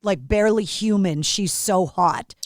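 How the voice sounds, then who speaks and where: A woman's voice: medium pitch, unhurried, dry recording. Enthusiastic woman podcast host, dry sound. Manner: enthusiastic, gushing interjections. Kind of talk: casual interview chat.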